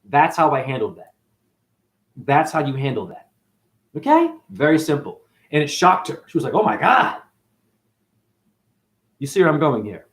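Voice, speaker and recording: A man hosting a casual livestream monologue to his chat, preachy and animated, swinging between loud outbursts and quiet muttering. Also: medium pitch, moderate pace, reverberant.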